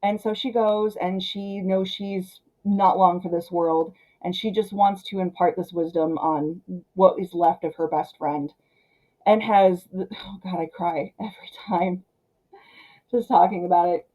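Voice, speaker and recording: Low, mellow woman reviewing a film. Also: a little slow, low-quality recording. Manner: chatty and animated, with frequent fillers.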